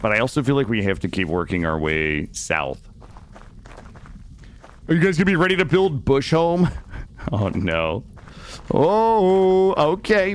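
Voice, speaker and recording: Live-streaming a game, a man rambles to his chat with loose, profane jokes, his pitch constantly bouncing around with playful energy. It's casual gameplay commentary captured up close on a studio dynamic mic.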